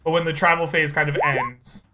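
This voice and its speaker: A man's voice: on the high side, flat delivery, normal speed, heavy background noise. A man running a tabletop game as game master, narrating with an easy, laughing manner. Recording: faint background music.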